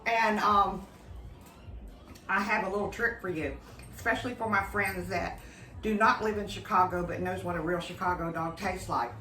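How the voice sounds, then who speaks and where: A home cooking vlogger demonstrates a recipe in her spacious kitchen, chatting enthusiastically with her viewers like friends. Her mid-range voice is steady and sharp at a moderate pace, caught by a distant mic with a little hiss or hum.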